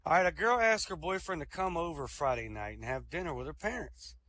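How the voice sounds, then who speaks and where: A man telling jokes at a comedy show, acting out the characters' lines with lively delivery. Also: fairly high pitch, fairly quick, no echo. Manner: animated storyteller, acts out quoted lines.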